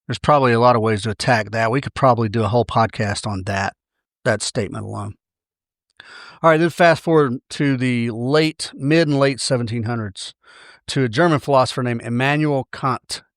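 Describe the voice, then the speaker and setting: A podcast host with a Southern accent and a mid-range voice talks a little fast in a casual monologue, recorded with clean studio sound and no room echo. He works through ideas in a chatty, wry way, often correcting himself mid-sentence.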